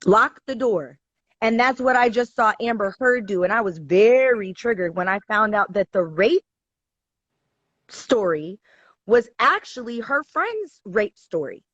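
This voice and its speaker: A woman's voice: on the high side, animated, a little slow, fairly bright tone, dry recording. A woman guest in a casual chat, telling a story in a heated, profane, emphatic way over a live video call. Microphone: live online video call. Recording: dry, dull lo-fi stream audio.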